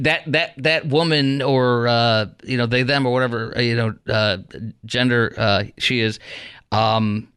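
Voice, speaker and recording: A man's voice: fairly high pitch, bright, forceful tone, no room sound. A man hosting a radio talk show in a studio, ranting in a heated, mocking way with lots of fillers. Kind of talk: opinionated talk radio monologue.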